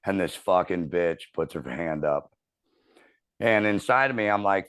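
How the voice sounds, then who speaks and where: A man in his thirties telling a profane, animated story as a podcast host in casual chat. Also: deep voice, a little slow, clean tone.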